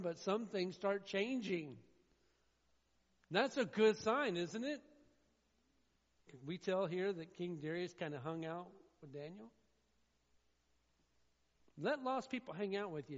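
A man preaching a sermon, swinging between loud, emphatic declaiming and quieter asides. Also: high voice. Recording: dull sound in a reverberant hall.

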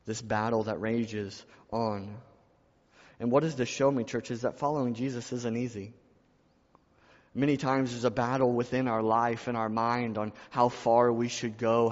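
A man's voice: medium pitch, a little mellow. Man preaching in an echoing hall. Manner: preaching with rising intensity, repeating phrases for emphasis. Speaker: pastor. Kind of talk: sermon. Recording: dull lo-fi sound in a reverberant hall.

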